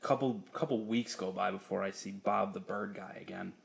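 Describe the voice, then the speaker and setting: A young man with a low, gravelly voice tells stories on his podcast, swearing freely and breaking into laughter. His delivery is loose and animated, a casual chat between friends. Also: normal speed. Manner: profane, laughing, animated storyteller. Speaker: podcast co-host.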